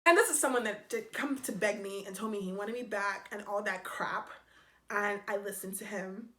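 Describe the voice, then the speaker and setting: A young woman vlogger telling a personal story to her viewers in an animated, exasperated way. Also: medium pitch, moderate pace. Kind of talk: storytime vlog. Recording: echoey room, faint noise.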